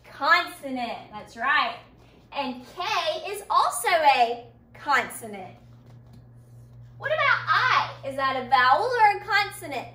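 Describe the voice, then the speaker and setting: A woman teaches young children phonics, speaking slowly and carefully in a high, bright voice with big pitch swings. She asks questions and praises the class, and she's recorded from a distance in an echoey room.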